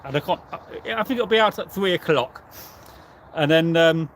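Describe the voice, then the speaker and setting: A man's voice: on the high side, expressive, normal speed, a bit bright, slight background noise. A man, a history channel host answering viewers in a rambling, casual live chat full of fillers. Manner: rambling and chatty, with many fillers and restarts.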